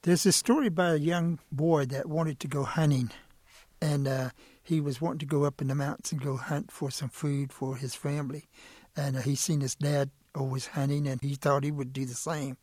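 Husky middle-aged guy telling a folk tale, dry close sound. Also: a little high, moderate pace, dry recording. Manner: plain, steady, with fillers. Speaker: storyteller. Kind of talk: oral storytelling.

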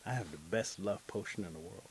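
Man voicing a shy, knowing mole healer: low, hushed, gravelly. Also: brisk, a little hiss or hum. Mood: sly, hushed. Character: quiet wise male mole healer.

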